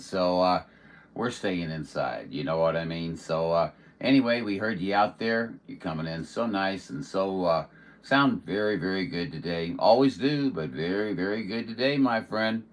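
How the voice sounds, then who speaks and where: A man chatting on CB radio as the host of a livestream, friendly, with drawn-out radio sign-offs, speaking from indoors at home. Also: on the low side. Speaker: CB radio operator hosting a livestream. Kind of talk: casual CB radio chat.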